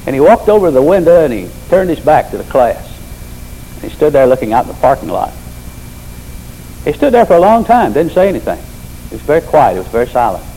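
Older preacher man, folksy and mellow. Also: on the high side, very animated, quick pace, pauses often, slight background noise, poor audio. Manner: folksy storytelling, emphatic repetition. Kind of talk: sermon.

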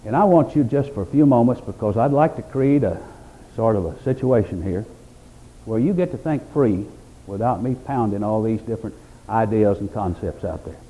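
A man preaching a sermon, rising to loud emphatic peaks and dropping to quiet reflective passages, quoting scripture in old-fashioned wording. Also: lowish voice, lively intonation, normal speed, rough recording. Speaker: pastor.

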